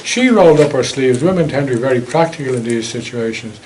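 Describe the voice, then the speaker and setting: A man's voice: medium pitch, lively intonation, fast talker, darkish tone, slight background noise, low-quality recording. Chatty Irish man giving a history talk. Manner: anecdotal, chatty, wry asides. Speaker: local history speaker. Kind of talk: public history talk with slides.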